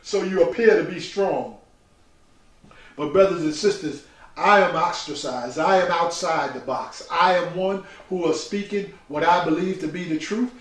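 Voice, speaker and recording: An older man gives a preaching personal testimony, emphatic and repetitive, calling listeners brothers and sisters. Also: high voice. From New York. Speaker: speaker telling his life story. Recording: very echoey room, far from the mic.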